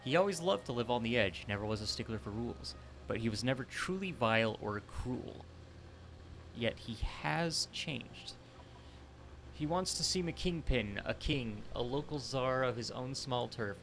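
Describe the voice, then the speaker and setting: A man voicing a calm, mysterious male reflection who speaks as someone's conscience, in a soft, measured, confiding way, on a headset mic. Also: mid-range voice, a little hiss or hum.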